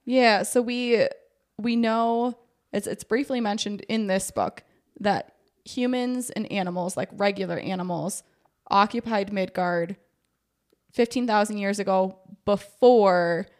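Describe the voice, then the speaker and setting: A woman's voice: mid-range voice, measured pace. A woman co-hosting a podcast, chatting casually about a book with lots of filler words. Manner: chatty, many "like" fillers, gushing. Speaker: podcast co-host. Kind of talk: casual book discussion chat.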